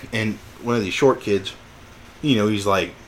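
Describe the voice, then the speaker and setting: A man's voice: fairly low pitch, a little slow, slight background noise. A young man co-hosting a podcast, telling stories in casual chat, acting out quotes with bursts of laughter. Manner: animated storytelling with laughter and acted-out quotes. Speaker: podcast co-host.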